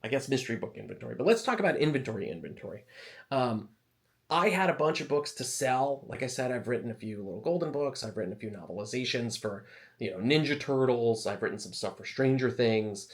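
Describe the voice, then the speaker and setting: This author and video host has a mid-range, brisk voice. He offers advice to camera in a casual, chatty way, poking fun at himself and wandering off on tangents.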